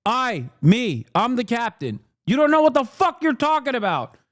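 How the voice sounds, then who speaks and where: A male streamer rants in heated, profane, sarcastic commentary. His voice sits fairly high for a man. The sound is dry and close. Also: huge pitch swings, moderate pace, dry recording. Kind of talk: live-stream rant commentary.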